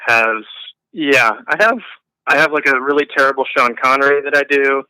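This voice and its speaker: A man chatting casually with a friend, playful and jokey, quick to laugh. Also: medium pitch, bright, forceful tone, clear, resonant tone, dry recording, rough recording. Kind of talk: casual chat.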